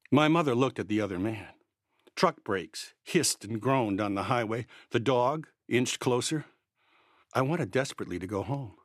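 A man's voice: mid-range voice, animated, normal speed, no echo, clean studio sound. Man reading a first-person story. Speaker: narrator.

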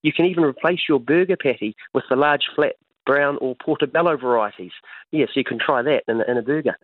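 A man's voice: mid-range voice, fast, dry recording. A man with a New Zealand accent giving a produce market report on a phone-in radio segment, reading steadily from prepared notes. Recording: tinny phone line.

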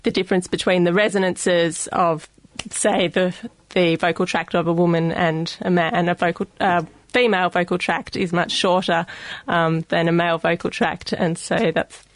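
Australian woman explaining, lowish dry voice. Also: flat delivery, moderate pace, no room sound. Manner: careful explaining with frequent ums. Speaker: guest speech scientist. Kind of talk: radio studio interview. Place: radio studio.

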